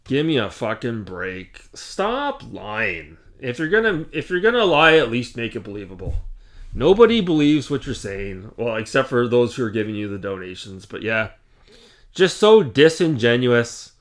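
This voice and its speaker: A man's voice: mid-range voice, very animated, normal speed. A Canadian man hosting his gaming channel, ranting casually to camera in an exasperated, repetitive way.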